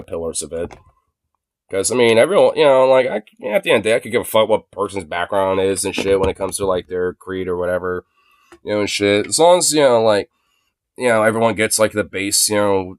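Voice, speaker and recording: A man's voice: on the low side, dry recording, studio quality. A young man streaming from his phone, rambling in casual chat full of filler words and swearing. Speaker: livestreamer.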